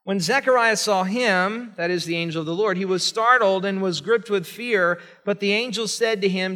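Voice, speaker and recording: A male pastor preaching a sermon in a church sanctuary, emphatic and swinging from hushed to loud. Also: high voice, moderate pace, hardly any pauses. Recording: long reverb of a large church hall.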